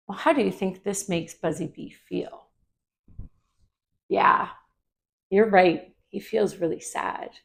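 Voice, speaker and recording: A woman leading a children's yoga story in a gentle, questioning way. She talks slowly, with a gravelly fry in her voice. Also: medium pitch. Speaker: kids yoga teacher.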